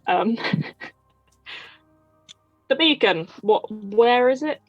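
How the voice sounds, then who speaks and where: A woman playing a tabletop game over a voice call, easygoing and quick to laugh. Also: a little high, lively intonation, dry recording, highs cut off, soft background music. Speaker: player. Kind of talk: casual tabletop game chat with in-character lines. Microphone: computer mic on a voice call.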